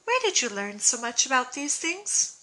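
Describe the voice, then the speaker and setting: A woman voicing a gentle, kindly motherly schoolmistress in a storybook reading. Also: high-pitched, sing-song, moderate pace, exaggerated voice. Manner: gentle, warm instruction.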